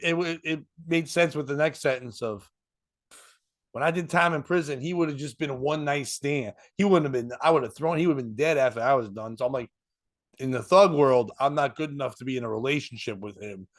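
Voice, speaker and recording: His medium-pitched voice moves fairly quickly as this comedian and podcast host casually tells a story. He laughs through it, swears freely and acts out what other people said.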